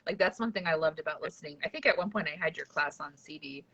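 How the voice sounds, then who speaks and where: A woman's voice: deep voice, fast, a bit bright. A woman hosting a casual podcast chat, rambling and giggly with lots of fillers. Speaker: podcast host. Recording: dull lo-fi sound.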